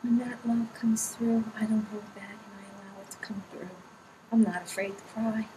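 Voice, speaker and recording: A woman giving an emotional live channeling reading at an event, often dropping to a breathy whisper. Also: mid-range voice, flat delivery, normal speed. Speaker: spiritual medium. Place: event room with an audience. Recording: distant mic with clear room noise.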